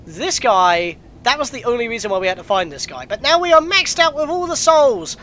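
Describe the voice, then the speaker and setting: Chatty let's-play guy, high and bright, excitable yells. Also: a little hiss or hum. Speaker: let's player. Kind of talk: gameplay commentary.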